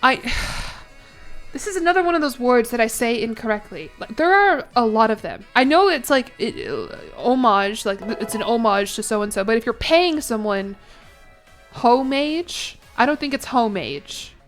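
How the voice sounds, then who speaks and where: A fairly high-voiced woman streaming a game and chatting easily with her viewers. She muses out loud and answers chat on the fly, with giggly asides. Soft game music sits faintly underneath. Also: expressive, moderate pace.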